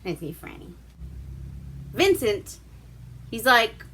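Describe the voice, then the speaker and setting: A woman's voice: a little high, sing-song, measured pace, long pauses, sharp tone, slightly rough. A woman hosting a casual vlog, recapping a movie in a chatty, profane way. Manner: profane, chatty, acts out quotes. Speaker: vlog host reviewing a movie.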